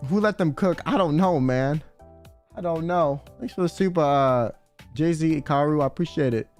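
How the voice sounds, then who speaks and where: A young man streaming, casually telling a story with lots of fillers, swearing and animated quoted lines. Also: on the high side, faint music behind. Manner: animated, swearing, quick filler-heavy retelling with acted quotes.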